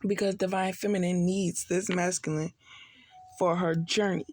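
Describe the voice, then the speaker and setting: A woman's voice: on the low side, level tone, moderate pace, darkish tone, no room sound. Blunt, tipsy woman doing a casual reading. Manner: blunt, profane, streetwise slang. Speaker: tarot reader.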